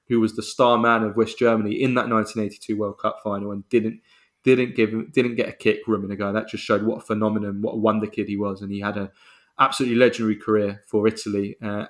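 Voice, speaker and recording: A man co-hosting a football podcast, talking enthusiastically and listing facts quickly, with frequent restarts. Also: fairly low pitch. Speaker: podcast co-host.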